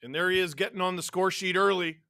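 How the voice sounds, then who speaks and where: Excitable bright-voiced man calling hockey. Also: high voice, fast talker, vocal fry, no room sound. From Canada. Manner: excitable, jumps between play-by-play and reading chat, shouts on big plays. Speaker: livestream host watching a hockey game. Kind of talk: live watch-along commentary and chat reading.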